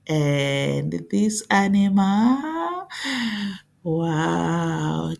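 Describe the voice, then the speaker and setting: Lady teacher doing phonics with little kids, real slow, kinda gravelly, lowish voice. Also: big pitch swings, a little mellow. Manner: slow, clear teacher voice, repeating sounds for kids to copy. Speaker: English teacher. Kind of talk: phonics lesson for young children.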